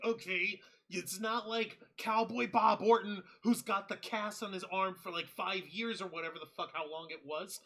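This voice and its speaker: A man's voice: sits high, pushed and bright. A man co-hosting a casual wrestling review chat, firing off incredulous, profane questions. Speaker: podcast co-host.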